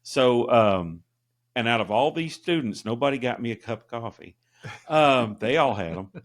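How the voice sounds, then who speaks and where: A man's voice: mid-range voice, expressive, normal speed. Rambling, easygoing male podcast co-host. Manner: rambling storyteller with many fillers. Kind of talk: casual chat.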